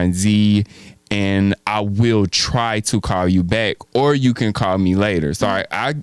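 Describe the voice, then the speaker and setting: A man with a fairly low, clear, resonant voice co-hosts a podcast, heard on a dry recording. He tells a story in casual conversation and acts out the quoted dialogue.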